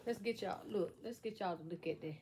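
A woman's voice: medium pitch, a little fast, background noise. A middle-aged woman chatting folksily to her viewers while showing a craft at home, recorded on a camera set on a table. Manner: folksy, playful, talks straight to viewers. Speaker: craft vlogger. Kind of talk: chatty how-to vlog. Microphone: camera on a stand at a table.

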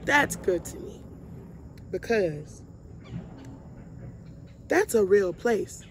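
Very animated and drawing out her words, a young woman vlogger in a mid-range voice leads a Bible study. She preaches casually to viewers she calls y'all, heartfelt and emphatic, repeating lines for stress. There's slight background noise.

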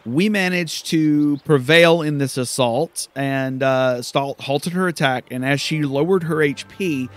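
A man's voice: a little high, measured pace, hardly any pauses. A man casually commenting on his gameplay, rambling and correcting himself as he goes. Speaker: let's play host.

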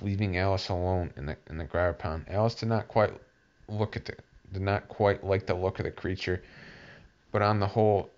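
A man narrating a storybook aloud, halting with frequent restarts. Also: low-pitched. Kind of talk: audiobook reading. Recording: dull lo-fi recording.

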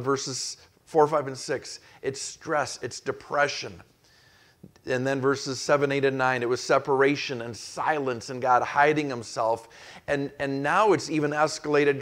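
A man's voice: mid-range voice, a bit bright. A male pastor preaching an expository sermon, acting out the quoted voices with rising intensity. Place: church.

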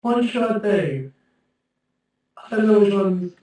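A man's voice: sits high, animated, takes it slowly, a little mellow. A young man livestreaming, rambling and self-mocking with plenty of swearing. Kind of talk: casual livestream chat. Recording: very echoey room from far off, faint music.

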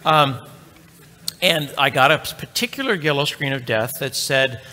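Bright-voiced joking conference speaker in a hall. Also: male voice, mid-range voice, expressive, unhurried. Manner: joking and chatty, talks to the crowd. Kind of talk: live tech talk, anecdotal storytelling. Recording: long reverb of a large hall.

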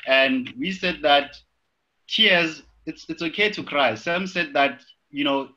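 A man's voice: a little high, slow pace, pushed and bright, poor audio. A man with a South African accent co-hosting a webinar over a video call, chatting casually and encouraging the speakers. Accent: South African English. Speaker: webinar co-host. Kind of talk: casual online chat.

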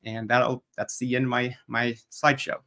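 A man presents his side of a debate slide by slide. His voice sits at an ordinary middle pitch, and his delivery stays methodical and pointed, sometimes turning mocking toward his opponent. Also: level tone, moderate pace, pushed and bright. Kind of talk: debate opening statement over slides.

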